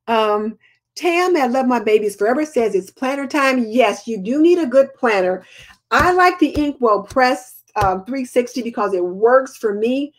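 An older woman, chatting casually as host of a live homemaking Q&A and answering viewer comments. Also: on the high side.

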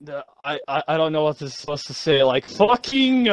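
A man's voice: on the high side, level tone, fast talker, no echo. A man reading game reviews aloud with friends over voice chat, laughing and incredulous. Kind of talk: casual voice-chat banter. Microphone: voice chat mic.

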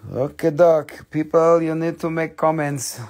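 A man's voice: on the high side, fairly even intonation, a little slow, a little mellow. A man hosting a live stream where he sells minerals, with joking, chatty patter that coaxes viewers to comment.

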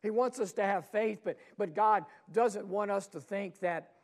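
Pastor, male, raised pitch with gravel in it; sermon delivery that throws rhetorical questions at the congregation. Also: moderate pace. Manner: dynamic preaching, swelling loud then dropping to hushed asides. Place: church sanctuary.

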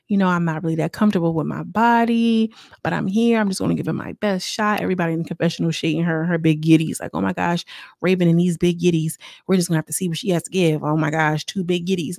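A woman casually recapping a reality show episode in a chatty, slangy way, with lively quoted voices. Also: lowish voice, fast talker, creaky, no echo, clean studio sound.

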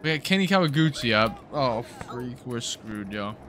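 A young man commentates his own video game match with hyped, slangy excitement. His pitch leaps around constantly as he cheers and groans. A steady hiss of noise sits under the recording. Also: moderate pace. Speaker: gaming video host. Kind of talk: excited let's-play commentary.

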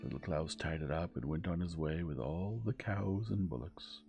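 Softly and gently, a man reads a bedtime story at normal speed in a very deep, gravelly voice with a mellow tone and lively swings. Faint music plays beneath him.

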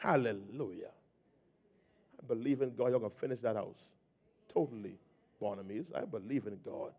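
A male pastor with a Bahamian accent preaching a sermon in church, swelling into shouted, sing-song cadences. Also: fairly low pitch, normal speed, slightly rough.

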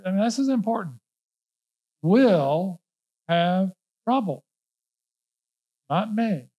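A man's voice: fairly high pitch, darkish tone, low-quality recording. Emphatic preacher man with folksy asides. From Norfolk, Virginia. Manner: emphatic, repeats key words, folksy asides. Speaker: pastor. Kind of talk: sermon.

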